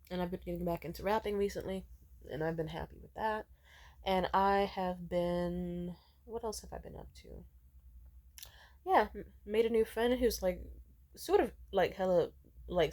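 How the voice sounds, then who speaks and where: A young woman vlogging a candid personal update, rambling with lots of fillers and swearing, jumping from loud outbursts to hushed asides. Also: fairly low pitch. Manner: swings between loud outbursts and hushed, near-whispered asides.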